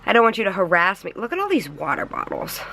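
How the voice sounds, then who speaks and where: A young woman vlogger casually telling a story to camera, animated and exasperated, with a sarcastic edge. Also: mid-range voice, quick pace, gravelly, a little hiss or hum. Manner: animated, exasperated, sarcastic retelling of an online argument.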